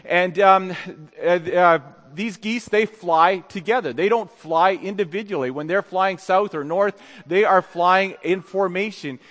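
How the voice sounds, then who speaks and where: A man preaching a sermon in a church, speaking haltingly with many fillers and restarts. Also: high-pitched, a bit bright. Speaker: pastor. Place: church sanctuary. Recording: long hall reverb.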